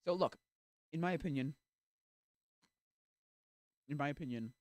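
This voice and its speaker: A male streamer in casual chat, rambling with restarts and acting out little quoted exchanges, sometimes breaking into loud rants. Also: fairly high pitch, unhurried, no room sound. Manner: gets loud and ranting.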